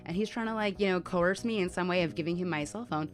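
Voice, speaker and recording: A woman's voice: on the low side, fast, few pauses, soft background music. A woman vlogger telling a personal story to camera in a candid, conversational way, with many fillers. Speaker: mental health vlogger.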